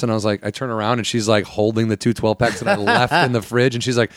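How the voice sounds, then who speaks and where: Man, casual podcast co-host, rapid talker, swears a lot, joking, dry close mic. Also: mid-range voice, dry recording. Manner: fast, profane, joking. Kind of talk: casual storytelling chat.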